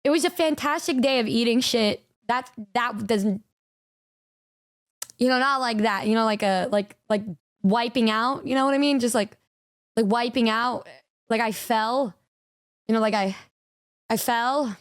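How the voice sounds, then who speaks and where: A young woman talking casually to her stream, with a high, bright voice. She chats in an animated way, swears freely, and slips into exaggerated voices to quote people. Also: measured pace, long pauses. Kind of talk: casual stream reaction chat.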